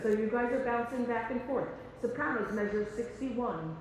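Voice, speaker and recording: A woman's voice: a little high, normal speed. A woman leading a choir rehearsal, chatty and joking, who sings rhythms on syllables and counts the singers in. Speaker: choir conductor. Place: large rehearsal hall. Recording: echoey hall from far off, with music.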